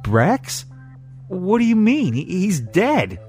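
A man's voice: medium pitch, big pitch swings, slow pace, darkish tone, faint music behind. A man reading fan fiction aloud, voicing a polite, hesitant male alien counselor aboard a starship.

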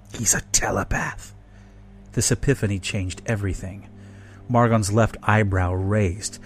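Low-voiced man reading a story. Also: a little mellow. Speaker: story reader. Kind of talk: reading a fan roleplay story aloud.

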